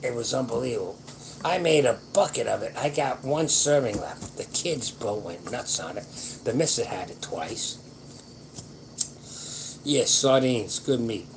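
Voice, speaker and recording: An older man talks in a loose, rambling way and hands out folksy advice in slangy speech. It is a casual late-night chat where he answers viewers, at an ordinary pitch for a man. A faint noise sits under his voice. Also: expressive, measured pace, gravelly. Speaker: livestream host answering viewer questions.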